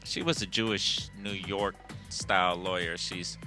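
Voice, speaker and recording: A man's voice: sits low, steady tone, measured pace, over music. A man, an EMS worker and instructor, telling a story on a podcast in a blunt, profane, street-smart way.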